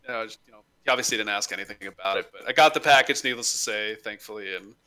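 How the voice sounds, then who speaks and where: A man's voice: on the low side, racing, bright, forceful tone, clean tone. A young man in casual chat, animatedly telling a comic story, acting out the quotes and swearing freely.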